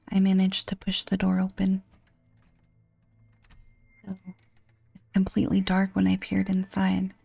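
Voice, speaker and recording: A woman reading a horror game aloud in a hushed, breathy whispered role-play. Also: mid-range voice, dry recording. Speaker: game narrator.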